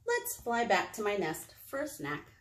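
A woman voicing a grumpy little male bird in a children's storybook reading, with gruff, clipped replies. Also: medium pitch, huge pitch swings, unhurried. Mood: cheerful. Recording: roomy echo.

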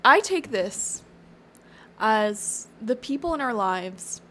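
A woman's voice: fairly high pitch, lively intonation, takes it slowly, pushed and bright, a little hiss or hum. A woman giving a casual, encouraging tarot reading, chatty and thinking aloud with fillers. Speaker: tarot reader.

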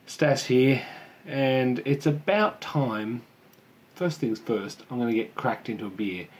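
A man's voice: mid-range voice, slow pace. A young man casually chatting and rambling as he tastes and reviews a home-brewed beer. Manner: chatty, rambling, self-deprecating. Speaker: homebrew reviewer. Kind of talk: casual beer tasting vlog.

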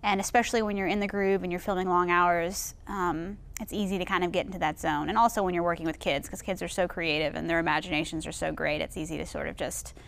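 A woman's voice: lowish voice, steady tone, quick pace, creaky, hardly any pauses, fairly bright tone. A young woman actress, a guest in a casual interview, speaking in a bubbly way with frequent restarts.

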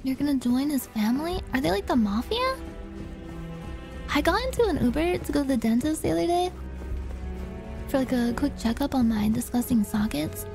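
A woman's voice: high voice, expressive, normal speed, creaky, pauses often. A woman streaming a game, chatting casually, joking, swearing and thinking aloud. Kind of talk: casual gaming chat. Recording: game music behind.

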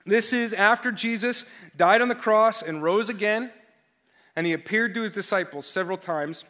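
Male pastor, sermon. High voice with a sharp, forceful edge. Energetic and emphatic, drives call-and-response with the congregation. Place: church service.

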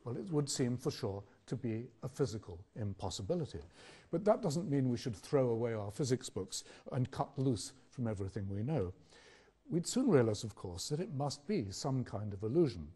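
An older man with a British accent giving an academic public lecture, measured and questioning, with rhetorical pauses. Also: mid-range voice, sing-song, warm tone, slightly rough.

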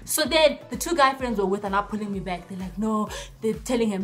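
A young woman vlogger telling a story in a lively way, acting out the dialogue in different voices. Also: fairly high pitch, fast talker, hardly any pauses. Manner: animated, acts out dialogue in voices. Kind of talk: storytime vlog.

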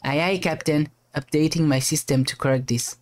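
A man's voice: on the high side, fairly even intonation, moderate pace, voice pushed up, lightly acted. A man voicing an eager, dutiful young male robot chief officer in a game.

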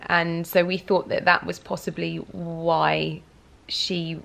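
A tired young woman talks straight to camera in a loose, rambling vlog, full of "like" and trailing thoughts. Her voice sits a little low with a gravelly fry, and she sounds on the edge of tears. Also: little pitch movement, takes it slowly, fairly bright tone, slight background noise. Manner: rambling, emotional, many fillers. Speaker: vlogger. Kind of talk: casual vlog chat.

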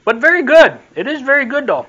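Reviewing a sauce on his vlog, this man talks extremely fast in an extremely high, sharp, very animated voice. His casual taste test is loose, rambling and repetitive, ending with a friendly sign-off, all in lo-fi sound.

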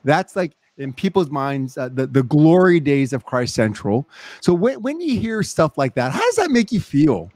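A man's voice: a little high, very animated, moderate pace, a little mellow, dry recording. A man hosting a casual chat as a pastor, easygoing, asking open questions. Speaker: host pastor.

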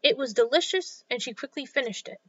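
Bright, high-voiced woman reading a children's story. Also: expressive, brisk. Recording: slightly dull lo-fi sound.

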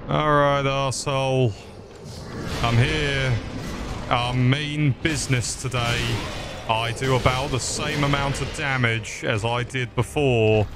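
A man's voice: mid-range voice, steady tone, takes it slowly, background noise. A man with a British accent, giving crude, joking commentary as he plays a video game into a desk microphone. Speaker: gaming channel host. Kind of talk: casual gameplay commentary.

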